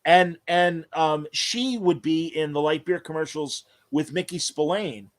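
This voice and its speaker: A man's voice: fairly high pitch, a little slow. A man hosting a casual interview podcast, telling long rambling anecdotes full of fillers. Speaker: podcast host.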